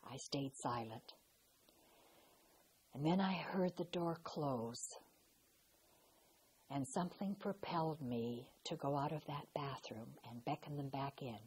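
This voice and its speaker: An older woman recalling her past in a slow, reflective way, pausing and restarting as she tells her story. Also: low voice, a little mellow, breathy edge, poor audio. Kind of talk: personal recollection.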